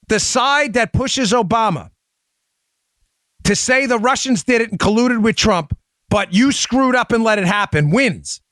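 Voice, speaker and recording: A man hosting a talk show, speaking rapidly and emphatically and addressing listeners directly on a close studio mic. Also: high-pitched, a bit bright, dry recording. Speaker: show host. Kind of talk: opinion talk show monologue.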